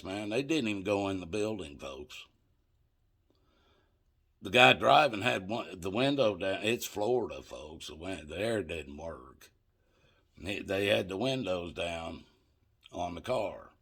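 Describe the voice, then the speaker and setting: A man's voice: low-pitched, gravelly, pushed and bright, slightly rough. An older man telling a rambling, profane story straight to his listeners, calling them folks. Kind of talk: casual anecdote told to viewers.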